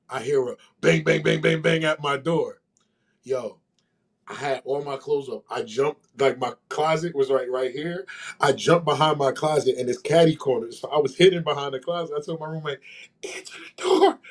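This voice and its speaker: Man, podcast co-host, casual storytelling, animated, acts out quoted voices. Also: on the high side.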